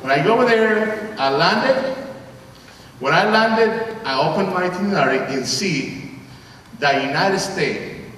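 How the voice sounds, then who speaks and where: A Puerto Rican man with a Spanish accent, a priest preaching to young people, his voice pitched fairly high and full of playful storytelling. He is heard from far off in a big, booming arena with long reverb and a faint hiss. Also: measured pace. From Puerto Rico. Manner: animated, playful storytelling with acted-out dialogue. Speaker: priest giving a homily. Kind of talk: storytelling sermon to a youth conference. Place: large arena.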